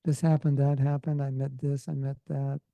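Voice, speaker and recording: A man's voice: medium pitch, little pitch movement, moderate pace, creaky, mellow, dry recording, low-quality recording. A man with a Californian accent giving an informal devotional class, talking conversationally with joking asides. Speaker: spiritual teacher.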